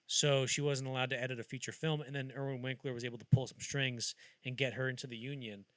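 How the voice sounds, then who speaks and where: This man talks fast in a mid-range voice, with no echo around him. Hosting a podcast, he chats casually through film-history anecdotes, performing each quote like an animated storyteller.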